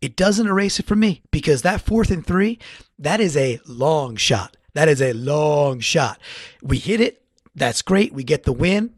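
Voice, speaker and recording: A man talking fast and with feeling through a solo sports recap, stacking up repeated phrases for emphasis. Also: fairly high pitch, lively intonation, no room sound, studio quality. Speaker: podcast contributor.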